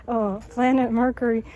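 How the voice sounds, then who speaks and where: A woman's voice: fairly high pitch, warm tone, dull audio, a little hiss or hum. A woman talking alone to the camera in a wandering monologue, jumping between topics, correcting herself mid-sentence, with many fillers and small laughs. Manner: rambling, jumps between topics, self-correcting. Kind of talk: rambling monologue.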